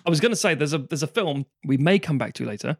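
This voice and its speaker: A man's voice: a little high, animated, quick pace, vocal fry, no echo, clean studio sound. A man co-hosting a casual film podcast chat, rambling and swearing freely as he talks. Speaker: podcast co-host. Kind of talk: casual chat about films.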